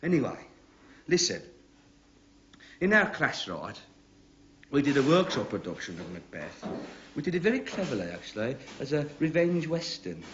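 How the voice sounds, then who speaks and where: A man's voice: medium pitch, moderate pace, pauses often, lightly acted. Man als opgewonden bouwvakker, levendige toonhoogte, doffe tv-opname. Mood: lecturing. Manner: excitable, lecturing. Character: anxious, long-winded male builder. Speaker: builder. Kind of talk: TV drama acting. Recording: dull TV soundtrack, faint noise.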